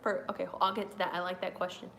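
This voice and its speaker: A woman streamer chatting live during a wrestling watch-along, rambling and excitable with lots of fillers. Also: fairly low pitch, quick pace, gravelly, slight background noise. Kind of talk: live reaction chat.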